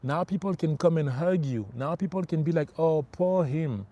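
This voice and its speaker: A man's voice: on the high side, brisk, mellow, highs cut off. A middle-aged man working as a spiritual life coach, giving an emphatic motivational livestream talk. He repeats his key phrases and calls his listeners bro.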